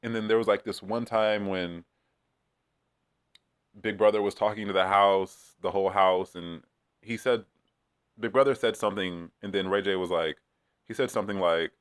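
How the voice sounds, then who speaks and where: A man's voice: on the low side, steady tone, moderate pace, long pauses, smooth, no room sound, clean studio sound. A man chatting casually in a rambling, profane way, with many fillers, as he recaps a reality show. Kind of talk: casual chat.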